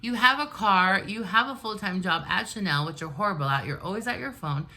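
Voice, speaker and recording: A woman's voice: medium pitch, lively intonation, brisk, sharp tone. A woman in her forties telling a storytime while doing her makeup, venting bluntly and animatedly. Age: 40s. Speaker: vlogger. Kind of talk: get-ready-with-me storytime.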